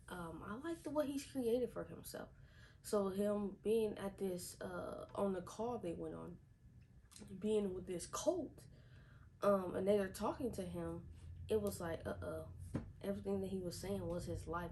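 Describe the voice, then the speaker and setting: A woman's voice: lowish voice, darkish tone, slight background noise, low-quality recording. A woman reviewing a TV episode in a casual vlog, chatty, repeating herself with lots of fillers. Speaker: TV show reviewer.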